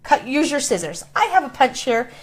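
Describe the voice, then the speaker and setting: A woman's voice: sits high, very animated, moderate pace. Chatty woman demonstrating a craft. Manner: chatty, playful, explains step by step. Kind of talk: casual craft tutorial.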